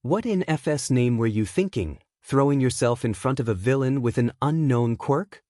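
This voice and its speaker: A man reading fan fiction aloud and voicing a hot-tempered young man who snarls and shouts insults. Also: medium pitch, expressive, normal speed, no echo, clean studio sound, close to an everyday voice. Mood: angry. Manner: angry shouting, crude insults.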